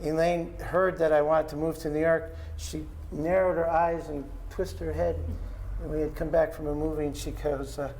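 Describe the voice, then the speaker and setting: A man telling an anecdote at a panel talk, animated and acting out the people he quotes. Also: a little high, normal speed, a little hiss or hum. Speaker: panel guest, artist's estate guardian. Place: art gallery talk.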